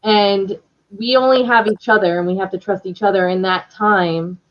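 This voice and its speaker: A woman's voice: medium pitch, steady tone, moderate pace. Woman host on a dull video call. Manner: supportive, brief affirmations. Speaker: host, paranormal investigator. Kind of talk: casual live-stream interview.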